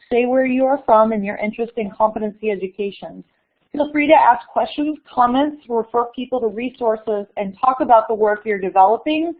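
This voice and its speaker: Woman on a tinny phone line. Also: fairly high pitch. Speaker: webinar moderator. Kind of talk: scripted webinar introduction. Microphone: conference call line.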